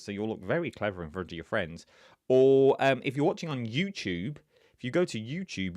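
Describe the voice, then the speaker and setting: A man's voice: medium pitch, no room sound, studio quality. A man hosting a live-streamed quiz, talking to viewers in a chatty, rambling way with lots of asides. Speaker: quiz host.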